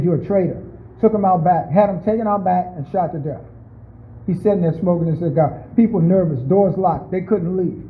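A pastor preaching a chatty, conversational sermon. He asks the congregation questions and calls on listeners by name. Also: high voice. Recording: tinny, phone-like lo-fi recording.

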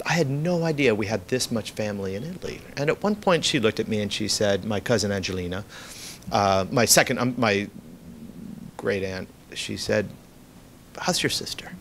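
A man's voice: fairly low pitch, moderate pace, a little hiss or hum. A man giving a reading, telling a rambling family anecdote with many fillers and restarts. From United States. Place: event room.

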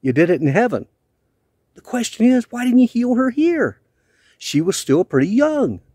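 A man's voice: very high-pitched, very animated, normal speed, dark tone, husky, no echo. A man from the United States speaking an earnest, heartfelt video letter in a plainspoken, questioning way. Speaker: vlogger.

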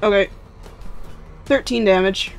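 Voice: medium pitch, slow pace, gravelly, soft background music. Hesitant player thinking aloud. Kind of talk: casual tabletop play.

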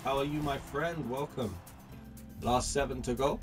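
A man commentating his own video game pack openings, chatty and excitable, greeting each new card like a friend. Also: mid-range voice, unhurried, recorded from a distance, music in the background. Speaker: gaming YouTuber.

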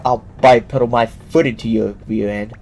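A man's voice: mid-range voice, fairly even intonation, moderate pace, a little mellow. A young man playing a video game and commenting as he goes, joking and talking back at the characters. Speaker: gameplay commentator. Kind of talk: let's play commentary. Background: game music.

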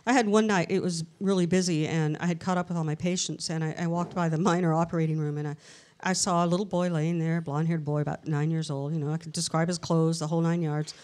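Middle-aged lady, paranormal researcher, low-ish voice, chatty storyteller on a live show. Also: quick pace, hardly any pauses. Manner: chatty, tells anecdotes with lively quoted dialogue. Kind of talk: casual live interview storytelling. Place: historic castle hotel event room.

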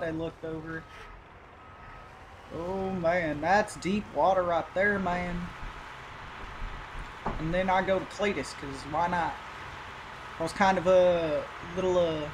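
Male gaming YouTuber, easygoing rambler, fairly high voice, loud truck engine under him. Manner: rambling, easygoing, with filler and cursing. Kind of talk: casual gameplay commentary. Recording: loud game engine noise behind. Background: truck engine and game sounds.

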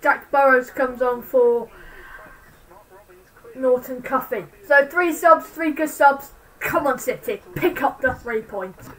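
A woman streaming live fan commentary on a football match, excitable, swinging between shouting and muttering. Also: sits high, slow pace, far from the mic, low-quality recording.

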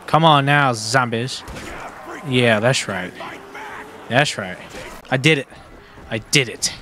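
A young man giving casual, excitable commentary on his own gameplay, laughing often and repeating himself. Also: mid-range voice, slow. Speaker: gaming streamer. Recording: faint background noise.

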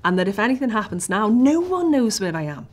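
A woman's voice: medium pitch, sing-song, a little fast. A woman with a Liverpool accent, recounting a tense personal story in an interview, dropping to whispers at the scariest moments. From Liverpool, England.

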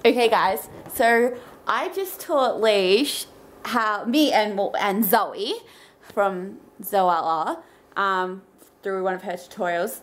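A woman's voice: mid-range voice, slow, a little hiss or hum. A young woman chatting casually through her daily vlog, rambling along with lots of "so yeah" and "um". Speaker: vlogger.

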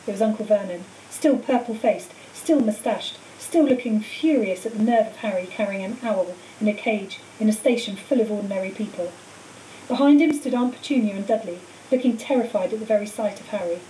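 A woman teacher reading a storybook aloud in a clear, steady way. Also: medium pitch, fairly quick. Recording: echoey room, far mic, faint hiss.

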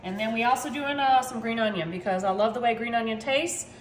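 Upbeat lady cooking at home, high voice, says y'all a lot, kinda echoey kitchen. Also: brisk, noisy background. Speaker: home cook. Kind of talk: casual cooking video.

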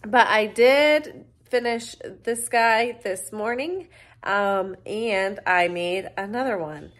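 A woman's voice: mid-range voice, slow, fairly bright tone. A woman in her thirties chatting casually in a crochet vlog, a bit stuffy from a cold, with lots of ums and uhs. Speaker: crochet vlogger.

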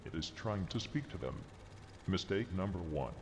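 A deep, sardonic guardian. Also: male voice, animated, normal speed, heavy background noise. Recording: clip audio with music bed.

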